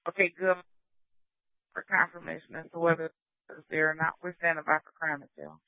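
A man's voice: a little high, fairly even intonation, fairly quick, no echo. A man working as a police dispatcher, giving clipped, procedural calls over the radio. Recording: tinny police radio scanner audio.

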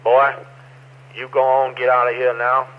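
A man's voice: medium pitch, completely flat delivery, measured pace, lightly acted. A man putting on the voice of a menacing rural hillbilly who warns strangers off, drawling and threatening, heard over ham radio. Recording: muffled ham radio audio with faint noise.

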